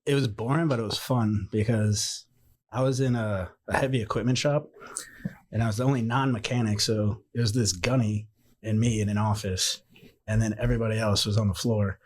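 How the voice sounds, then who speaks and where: A man's voice: fairly low pitch, a little fast. A man, a guest on a podcast, telling casual stories and acting out the people in them. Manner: animated anecdotes with quoted dialogue. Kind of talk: casual storytelling.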